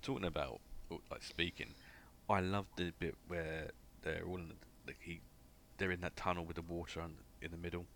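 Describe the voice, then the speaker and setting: A man's voice: low voice, fairly even intonation, a little fast, a bit bright. A man co-hosting a casual horror film podcast, wry and blunt, teasing the others. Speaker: podcast co-host. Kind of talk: casual film review chat. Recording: faint background noise.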